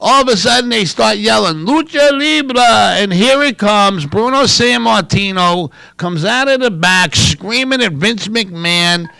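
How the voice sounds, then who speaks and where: Animated New man telling stories. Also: high voice, unhurried, vocal fry, few pauses, clean tone, dry recording. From New York City. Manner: animated, loud storyteller. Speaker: co-host. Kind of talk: casual chat, storytelling.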